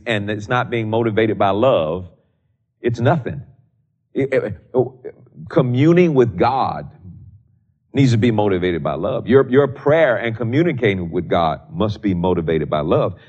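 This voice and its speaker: Older male preacher, lowish voice, repeats points slowly, muffled lo-fi recording. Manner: repeats key lines slowly for emphasis, many restarts; reads scripture in old-fashioned wording. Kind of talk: sermon teaching on prayer. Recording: dull lo-fi recording.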